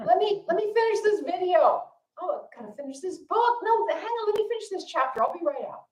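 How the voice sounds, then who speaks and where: Distracted kids beg for one more level in a squeaky, whining pitch, as a woman puts them on. They stall and plead with no hurry at all. The voice rings in an echoey room. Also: expressive, brisk, a little mellow, distant mic. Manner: whiny, pleading to finish.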